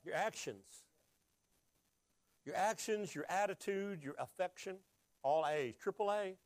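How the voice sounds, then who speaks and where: Male pastor, fairly high voice, passionate call-and-response sermon delivery. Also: a little slow, no echo. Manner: emotional, call-and-response preaching.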